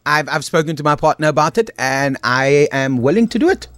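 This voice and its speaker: A man's voice: on the high side, expressive, brisk, a bit bright, no echo, soft background music. A man co-hosting a radio show who speaks earnestly and hesitantly, often repeating words. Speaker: radio co-host. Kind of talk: casual radio chat.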